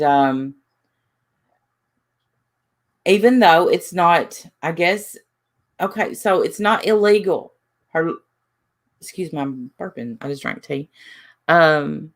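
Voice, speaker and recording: A woman hosting a casual livestream chat, talking haltingly with many restarts and reading out names from the chat. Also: lowish voice, fairly bright tone. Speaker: livestream host.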